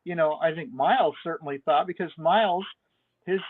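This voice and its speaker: A man's voice: fairly high pitch, a little fast. A man co-hosting a casual TV review chat, laid-back, stammering through restarts and laughing often. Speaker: podcast co-host. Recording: dry tinny call audio.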